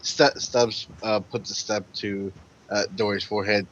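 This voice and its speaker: A man's voice: fairly low pitch, level tone, unhurried, lo-fi sound. A man playing a tabletop role-play game, stammering and repeating words. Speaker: player.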